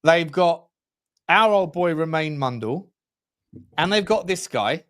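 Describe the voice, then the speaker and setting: A man co-hosting a football podcast, talking excitedly in casual slangy chat, rambling and cutting himself off mid-sentence. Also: fairly high pitch, slow pace. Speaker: podcast co-host.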